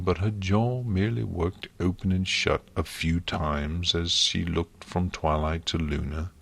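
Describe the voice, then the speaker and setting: A man narrating an audiobook story in a measured storytelling manner. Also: deep voice, gravelly, a bit bright, slightly rough, no echo. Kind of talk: scripted narration.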